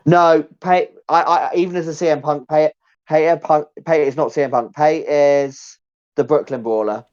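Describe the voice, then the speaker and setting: A man's voice: on the high side, steady tone, moderate pace, darkish tone, clean tone, highs cut off. A man co-hosting a podcast, bantering casually in a jokey, rambling way. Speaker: podcast co-host. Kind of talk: casual banter among friends.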